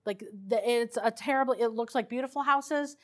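A woman with a somewhat high voice tells her stories as a paranormal investigator. She talks in a casual, rambling way, full of restarts and small fillers. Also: normal speed. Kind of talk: casual storytelling.

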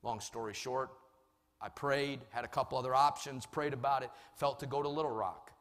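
Man, preacher telling a story, mid-pitched voice, long hall reverb. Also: fairly even intonation, moderate pace. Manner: storytelling, swings from soft to loud. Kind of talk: sermon. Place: large church hall.

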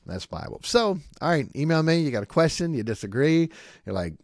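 Emphatic pastor hosting a podcast, dry sound. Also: male voice, a little high, a little fast, no echo. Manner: emphatic, often asks "okay?" and acts out quotes in lively voices. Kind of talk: podcast monologue.

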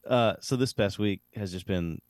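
Low-voiced man telling a rambling story. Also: normal speed, no echo, clean studio sound. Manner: rambling, animated storyteller with frequent fillers. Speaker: podcast co-host. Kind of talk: casual storytelling chat.

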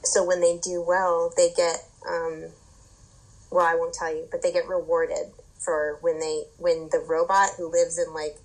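A woman with a fairly low voice hosts a podcast in casual chat. She rambles through her story and fills it with "like" and "um". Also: level tone, a little slow, low-quality recording. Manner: rambling, filler-heavy storytelling.

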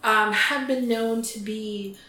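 A woman's voice: fairly high pitch, fairly even intonation, slow pace, sharp tone. Chatty woman podcaster, echoey room. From United States. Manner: chatty, trails off and restarts with ums. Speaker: podcast co-host. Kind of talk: casual chat. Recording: echoey room with faint noise.

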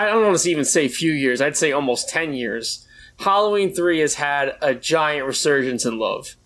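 A man's voice: a little high, a bit bright. A man co-hosting a podcast, chatting casually with rambling asides and casual swearing. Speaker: podcast co-host. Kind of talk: casual chat.

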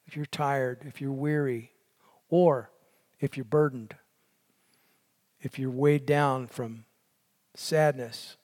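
A man preaching a sermon in an earnest way, his voice dropping to a hush on key lines. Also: medium pitch, fairly even intonation, slow pace, long pauses, in a large hall. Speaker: pastor.

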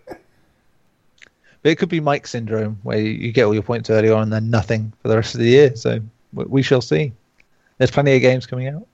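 Gravelly man hosting a gaming podcast. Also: medium pitch, fairly quick, a little mellow, highs cut off. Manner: laughing, swearing, joking. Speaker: podcast host. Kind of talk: casual gaming podcast chat.

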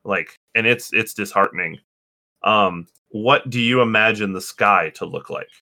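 A man's voice: fairly low pitch, unhurried, bright, forceful tone. A man narrating a tabletop game as game master, hesitant and full of restarts. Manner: hesitant, many fillers and restarts.

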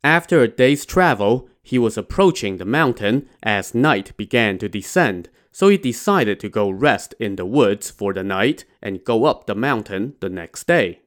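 A man's voice: on the low side, animated, measured pace, few pauses. A man casually retelling a classic adventure novel, dropping in wry, irreverent asides. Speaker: storyteller.

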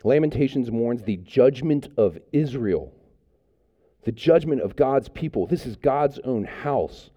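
A man's voice: medium pitch, lively intonation, a little slow, dark tone, highs cut off. A man preaching a sermon as pastor, speaking in a conversational way with frequent fillers and restarts.

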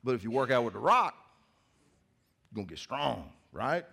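A man's voice: mid-range voice, very animated, moderate pace, gravelly, pushed and bright, breathy edge. Pastor guy preaching in church, chatty and jokey, regular middle voice. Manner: conversational, joking storyteller. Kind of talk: sermon.

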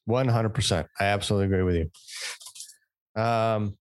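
A man's voice: fairly low pitch, fairly even intonation, fairly quick, heavy background noise. A man from the United States co-hosting a podcast, talking eagerly and swearing freely in casual chat. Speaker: podcast co-host.

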